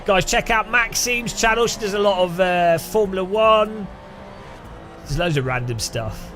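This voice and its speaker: A man's voice: high-pitched, unhurried, fairly bright tone, faint music behind. A man from England chatting casually with his live-stream audience, laughing often and greeting viewers by name. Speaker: game streamer.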